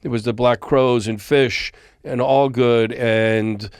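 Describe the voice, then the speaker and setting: Taking it slowly, a music industry veteran with a clean, mid-range voice tells stories during a studio podcast interview. He brings them to life by acting out each person's dialogue, and the clean studio sound has no room sound.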